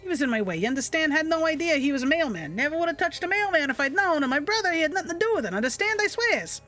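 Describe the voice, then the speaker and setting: A woman doing a gruff boastful male hunter. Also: high voice, big pitch swings, racing, bright, forceful tone, faint music behind, voice pushed up, heavily acted. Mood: defensive. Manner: rough dropped-grammar talk, defensive and boastful.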